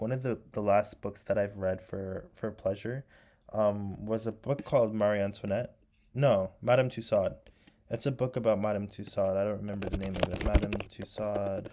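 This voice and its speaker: Gravelly low-voiced young man rambling. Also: a little mellow. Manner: rambling and nostalgic, full of "like" and "um". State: sore throat. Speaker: vlogger. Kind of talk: casual chat while painting.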